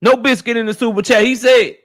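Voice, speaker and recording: A man's voice: very high-pitched, fairly even intonation, brisk. A man hosting a live stream, casually greeting chat viewers one by one in slang. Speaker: livestream host.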